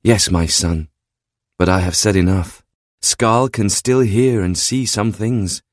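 A man voicing an ethereal goddess mother who speaks calmly in formal, admonishing sentences. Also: fairly low pitch, slow pace, no echo, clean studio sound, voice pushed up. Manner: calm, admonishing, formal speech. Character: ethereal female goddess mother, stern and wise.

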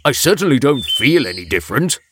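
A man's voice: mid-range voice, sing-song, brisk, background noise, lightly acted. A man voicing an eager young spotted dog in a storybook reading. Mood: cheerful.

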